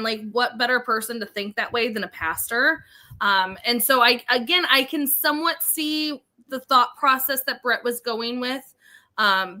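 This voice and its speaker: A woman's voice: on the high side, sharp tone. A woman co-hosting a podcast, breaking down a reality show in chatty talk with frequent restarts. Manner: chatty, restarts and repeats herself. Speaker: podcast co-host. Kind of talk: casual podcast recap chat.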